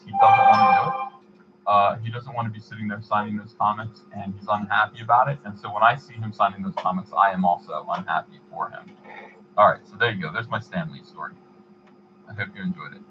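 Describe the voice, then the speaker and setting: A man hosting a livestream, chatting casually and reading donations, in a rambling, halting way. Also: fairly low pitch, muffled recording, background noise. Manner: rambling, halting, many fillers and restarts. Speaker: livestream host.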